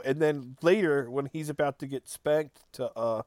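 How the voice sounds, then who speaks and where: A man co-hosting a podcast, chatting casually about a film, animated and acting out quotes with lots of "like". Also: medium pitch, normal speed, few pauses, no room sound, studio quality. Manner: animated, acts out quotes, frequent "like". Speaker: podcast co-host.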